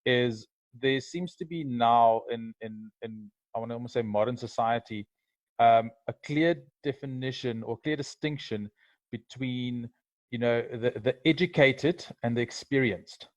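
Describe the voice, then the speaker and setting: A man's voice: mid-range voice, no echo. A man co-hosting a video call interview who speaks thoughtfully, stopping and restarting often. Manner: thoughtful, halting, many restarts. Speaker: co-host. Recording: dull muffled call audio.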